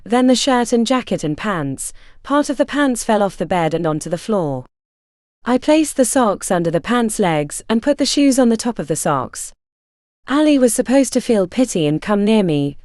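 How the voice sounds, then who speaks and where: Expressive woman reading a story. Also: mid-range voice, no echo, studio quality. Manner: intimate, confessional. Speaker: narrator. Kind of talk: first-person story reading.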